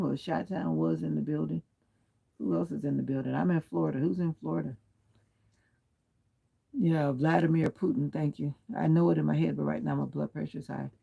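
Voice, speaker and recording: A man's voice: on the high side, vocal fry, breathy edge, lo-fi sound. A man hosting a casual livestream, chatting from home and answering viewer comments one by one, firm but polite about keeping the language clean. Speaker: livestream host. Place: at home, lying back with pillow and comforter.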